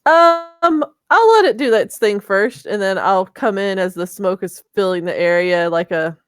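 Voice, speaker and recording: A woman's voice: mid-range voice, lively intonation, a little slow. A woman playing a tabletop game, chatting casually and playfully. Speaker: player.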